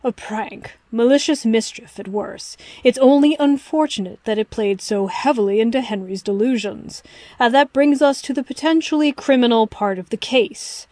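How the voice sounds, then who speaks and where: A woman voicing a brilliant, arrogant male detective who lectures in a crisp, dismissive way. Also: a little high, normal speed, darkish tone, no room sound, lightly acted. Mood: lecturing. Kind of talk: audiobook reading of fan fiction.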